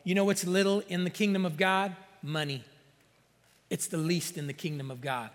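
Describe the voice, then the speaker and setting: A man's voice: high-pitched, fairly even intonation, normal speed. A middle-aged man preaching a sermon as pastor, emphatic, calling for amens and acting out the excuses of doubters. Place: church sanctuary. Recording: long hall reverb.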